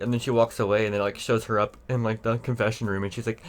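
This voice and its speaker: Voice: mid-range voice, level tone, quick pace. A young adult podcast co-host telling a story in casual chat, giggly and crude with many "like" fillers.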